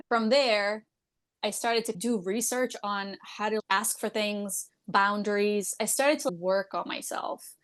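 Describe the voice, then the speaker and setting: A loud, giggly woman telling frank stories as a podcast guest. She laughs easily and speaks bluntly, with casual swearing. She sounds like a working dental hygienist opening up in conversation. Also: medium pitch, takes it slowly. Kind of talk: candid storytelling in a podcast interview.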